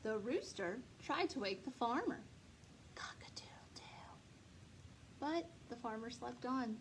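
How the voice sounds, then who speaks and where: A woman librarian reading a picture book aloud to young children, slowly and expressively. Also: on the high side, slight background noise, low-quality recording. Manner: slow, lively, expressive, speaks to children. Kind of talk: storytime read-aloud.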